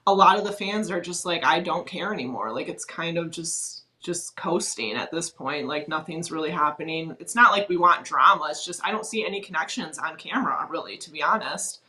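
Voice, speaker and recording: A woman's voice: low voice, brisk, few pauses, sharp tone, poor audio. A woman talking as a guest on a podcast, a former reality-show contestant speaking frankly in a chatty, casual way, with a lot of "like".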